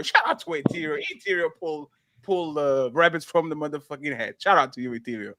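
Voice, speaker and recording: Animated high-voiced man reading chat. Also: a little fast, a little hiss or hum. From Portugal. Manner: animated, laughing, exaggerated readings of comments. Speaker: panel show host. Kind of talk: casual chat, reading super chats.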